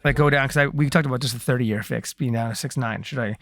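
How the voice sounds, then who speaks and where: A man co-hosting a real estate market update, joking around and reading figures slowly. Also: mid-range voice, a bit bright, no echo, studio quality. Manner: joking, reads figures slowly and rounds them off. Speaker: co-host reading market statistics. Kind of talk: casual podcast chat.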